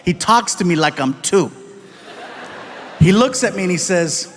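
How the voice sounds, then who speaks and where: A male stand-up comedian telling stories on stage in an animated way, putting on voices for the people in them. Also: high voice, measured pace, long pauses, noisy background. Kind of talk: stand-up storytelling.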